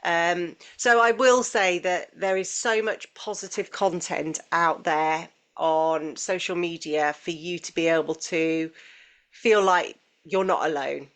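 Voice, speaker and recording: A woman's voice: fairly low pitch, fairly even intonation, slow, a bit bright. A woman co-hosting a podcast in casual, earnest conversation, often restarting phrases and acting out quoted voices. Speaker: podcast co-host.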